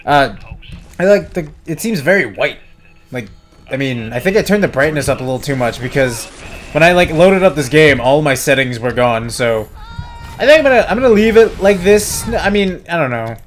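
Young man, fairly high voice, very lively pitch, rambling gameplay commentary, desk mic at home. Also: moderate pace, soft background music. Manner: rambling, self-mocking, bursts into loud excited yelling. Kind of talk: casual let's-play commentary. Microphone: desk microphone at home.

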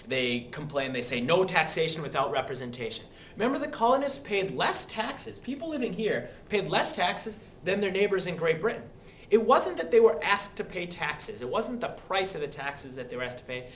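A man's voice: on the high side, fairly bright tone. A young man teaching a history lesson, casually talking through a study guide with lots of ums and rhetorical questions. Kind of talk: classroom lecture walkthrough of a study guide. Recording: echoey room with faint hiss.

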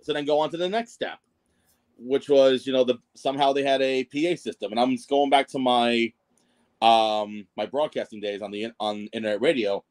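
A man's voice: mid-range voice, steady tone, moderate pace, a little mellow. A man as a podcast guest telling his wrestling ring announcer story, rambling and self-deprecating, with lots of fillers and restarts. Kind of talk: casual storytelling interview.

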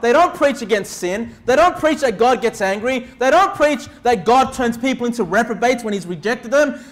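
A young male pastor preaching with a strikingly high voice for a man. He speaks earnestly to his congregation and keeps asking "okay?" to make sure they follow. His voice stays notably high from one sentence to the next. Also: a bit bright. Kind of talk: sermon.

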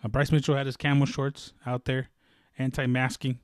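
A man hosts his own sports podcast in a loose, rambling way, full of "um" and "like" and restarting his sentences. His voice sits at an ordinary middle pitch. The recording is dry and close, with no room sound. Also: flat delivery, normal speed, dry recording. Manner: rambling, many fillers and self-corrections. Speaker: podcast host. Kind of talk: casual solo sports chat.

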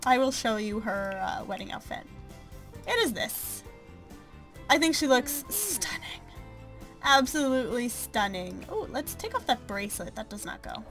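This gameplay commentator has a highish, fairly bright voice. Playing a life-sim game in a casual let's-play, she chats away, runs herself down, and fills her talk with ums and little laughs.

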